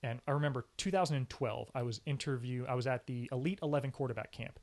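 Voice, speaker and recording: A man, a sports anchor, telling career stories in a casual interview, energetic and emphatic, often acting out what people said. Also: mid-range voice, quick pace. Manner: animated storyteller, often acts out quoted speech. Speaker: sports anchor and reporter, podcast guest.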